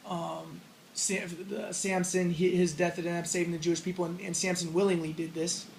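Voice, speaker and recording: A man's voice: sits high, level tone, moderate pace, creaky, slight background noise, low-quality recording. A man giving a casual spoken lecture on religion, rambling as he explains and acting out the lines he quotes.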